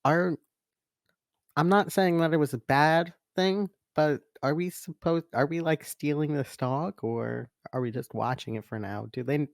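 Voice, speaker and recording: A man's voice: fairly high pitch, measured pace, gravelly, no room sound. A man playing his character at a tabletop role-playing game, asking hesitant questions. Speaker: player.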